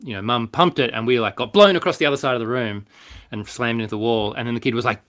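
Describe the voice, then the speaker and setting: A man's voice: medium pitch, racing. An Australian man, a clown doctor and performer, casually telling stories on a podcast and acting out the voices of people in them. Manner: animated, acts out quoted voices in stories. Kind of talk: casual conversational storytelling.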